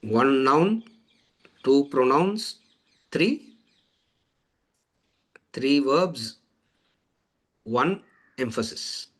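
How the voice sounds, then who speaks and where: Male teacher, mid-pitched, measured lecture style, chants verses slowly. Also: big pitch swings, fairly bright tone. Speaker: Vedanta teacher. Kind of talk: scripture lecture.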